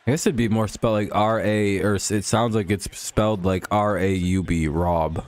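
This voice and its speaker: With a steady, fairly low voice at a moderate pace, this livestream host chats casually with viewers while a football game plays, trading profane jokes and laughing frequently.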